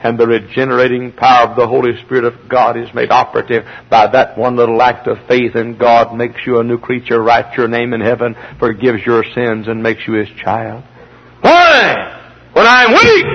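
A man pastor preaching a fiery sermon. He swings from shouted peaks to hushed, slow pleas. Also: mid-range voice, monotone. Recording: dull lo-fi archival sermon tape.

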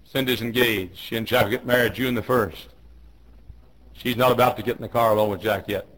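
A man in his fifties preaching a fiery sermon in a church, swinging from hushed low tones to shouted commands he hammers home again and again. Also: fairly even intonation, fairly quick, rough recording. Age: 50s. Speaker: pastor. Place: church auditorium.

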